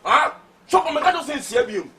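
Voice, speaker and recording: Ghanaian man, rapid teasing comic banter, raised pitch, distant recording. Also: sing-song, bright, forceful tone. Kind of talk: comedy skit banter. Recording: distant mic, faint background noise.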